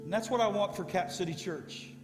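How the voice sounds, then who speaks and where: A middle-aged man preaching a sermon as pastor, emotional and animated as he tells stories. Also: sits high, brisk. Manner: emotional, storytelling with rising excitement. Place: church sanctuary. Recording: echoey church hall with music. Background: soft guitar music.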